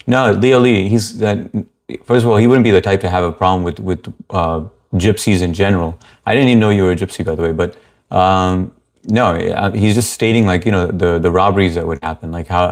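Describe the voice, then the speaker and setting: A man's voice: deep voice, darkish tone. A man hosting a casual livestream, reading viewer comments aloud and greeting people by name in an easygoing way. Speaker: livestream host.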